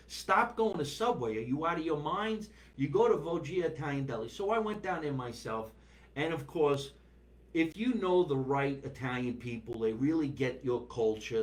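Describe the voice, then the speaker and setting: A man hosting a live stream from his basement, chatting loosely, reading viewer comments and riffing with animated bursts. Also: a little high. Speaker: podcast host. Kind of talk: casual live-stream chat. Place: home basement.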